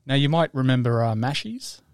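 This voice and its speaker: A man's voice: medium pitch, fairly quick, no room sound. Dry-sounding man, casual chat. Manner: laid-back, swears freely, dry jokes. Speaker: podcast co-host reading news segment.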